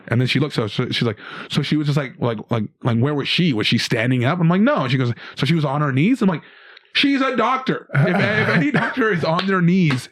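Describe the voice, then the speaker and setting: A man's voice: mid-range voice, dry recording, studio quality. Canadian man telling a story. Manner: animated storyteller with many restarts. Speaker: guest comedian. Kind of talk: casual storytelling.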